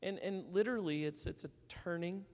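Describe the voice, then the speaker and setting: A man's voice: high-pitched, a little fast, a little mellow, in a large hall. A man preaching a sermon in a conversational way, telling stories and acting out the people in them. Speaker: pastor.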